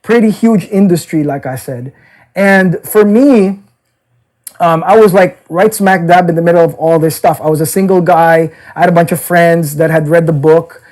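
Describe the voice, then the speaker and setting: A man with a fairly high, darkish voice speaks at normal speed, casually recounting his past as a dating seminar teacher in an interview-style story. He peppers his talk with "okay?" and "like." The audio is poor, and children can be heard in the background.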